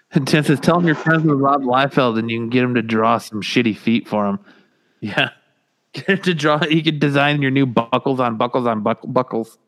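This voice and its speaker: This podcast co-host has a medium pitch and a moderate pace, pausing often against slight background noise. Bantering casually, he curses a lot and tells stories by performing other people's quotes.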